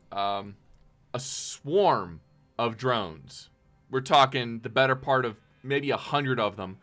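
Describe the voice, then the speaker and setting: A man's voice: mid-range voice, fairly bright tone. A man narrating as game master of a tabletop game, loose and chatty with frequent ums.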